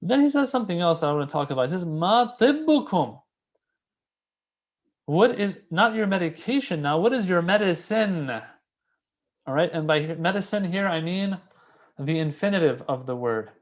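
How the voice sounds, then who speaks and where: A man giving a casual, conversational religious lecture, animated and repeating key phrases for emphasis. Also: on the high side, a little fast. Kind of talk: casual sermon explaining a classical text.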